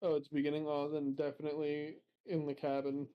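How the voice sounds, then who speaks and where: A man's voice: a little high, monotone, fairly quick, clear, resonant tone, highs cut off. A man playing a tabletop game casually, talking hesitantly with many fillers and restarts. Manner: hesitant, filler-heavy, laughs easily. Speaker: player.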